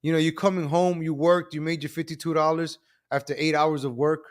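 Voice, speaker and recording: A man hosting a live commentary stream, animated and repetitive, calling out to viewers as ladies and gentlemen. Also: a little high, fairly quick. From New York.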